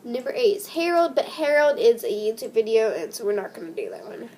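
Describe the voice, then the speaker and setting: Higher-voiced young woman reading creepy stories. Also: fairly quick, few pauses, slight background noise. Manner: animated, gasping and laughing reactions between readings. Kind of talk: casual reading and reacting.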